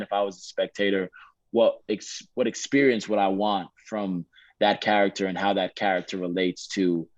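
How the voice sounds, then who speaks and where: An English actor speaking in a put-on American accent, answering interview questions in a relaxed, rambling way with lots of fillers. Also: male voice, deep voice, dry recording, highs cut off. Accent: American (put on, Detroit-leaning). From England.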